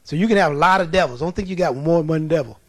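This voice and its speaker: Male preacher, high voice, lively storytelling, dry close sound. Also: racing, no room sound. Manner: animated storytelling with acted-out voices. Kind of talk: sermon.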